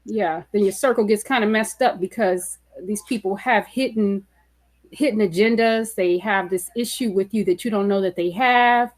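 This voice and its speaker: A woman with a mid-range voice talks through her points in a steady, explanatory way during a relaxed panel chat. She corrects others plainly. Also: mid-range voice, moderate pace.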